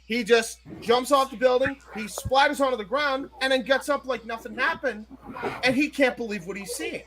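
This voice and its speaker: A man co-hosting a live wrestling watch-along, chatting casually and telling a joke with animated restarts. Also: very high-pitched, normal speed, slight background noise.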